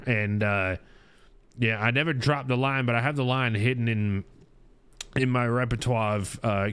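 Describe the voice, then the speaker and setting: A man's voice: on the low side, a bit bright, clear, resonant tone. A middle-aged man hosting a casual podcast, telling rambling stories full of restarts and chuckles. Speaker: podcast host. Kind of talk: casual chat.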